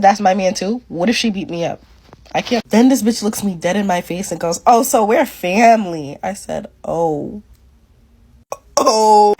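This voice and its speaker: A woman's voice: mid-range voice, a little mellow, husky. A woman telling a story to camera in a dramatic, comic way, acting out the quoted voices.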